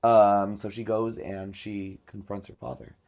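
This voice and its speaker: Man, fairly low voice, podcast host, chatty storytelling, lots of fillers. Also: level tone, measured pace, darkish tone. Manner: chatty, many filler words. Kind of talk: casual storytelling chat.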